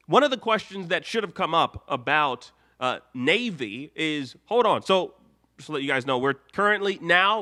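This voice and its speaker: High, bright-voiced rambling stream host. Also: male voice. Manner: rambling, self-correcting, breaks into mock outrage. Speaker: live show host. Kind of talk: live-streamed cartoon commentary.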